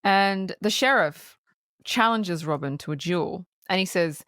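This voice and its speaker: A woman's voice: fairly low pitch, unhurried, fairly bright tone, no room sound, clean studio sound. Laughing woman retelling film scenes. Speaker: podcast co-host. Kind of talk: casual film review chat.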